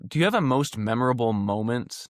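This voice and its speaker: A male podcast host asking questions in an upbeat, halting way and restarting his sentences. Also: mid-range voice, expressive, no room sound, studio quality. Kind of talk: casual interview chat.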